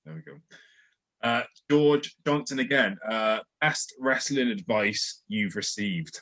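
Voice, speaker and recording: A man's voice: fairly low pitch, lively intonation, slow pace, pushed and bright. A man hosting, reading out viewer questions in a brief, hesitant way with filler sounds.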